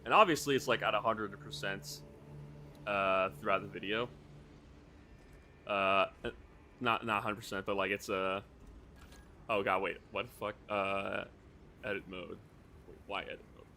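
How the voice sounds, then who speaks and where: A man's voice: lowish voice, steady tone, unhurried, long pauses, bright, forceful tone, a little hiss or hum. A man streaming live, chatting casually while playing, rambling and swearing often.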